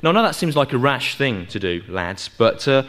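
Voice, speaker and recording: A man telling a comic story in a deadpan way, using many fillers as he talks. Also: mid-range voice, fairly quick. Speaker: comedian, host of a sketch show. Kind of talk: comic monologue and sketch acting.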